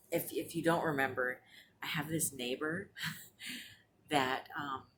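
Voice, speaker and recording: A woman around forty talks casually at home for her vlog in a low, deep voice. She rambles along with plenty of fillers and restarts. A faint hiss sits under the recording. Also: a bit bright. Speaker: vlogger. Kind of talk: casual chat. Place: apartment.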